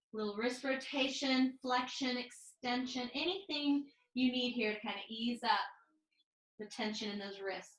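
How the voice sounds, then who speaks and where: A woman teaching a live online mat pilates class, calmly cueing each move and breath over a video call. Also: fairly high pitch, echoey room, poor audio. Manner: calm step-by-step cueing with breath counts. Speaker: pilates instructor.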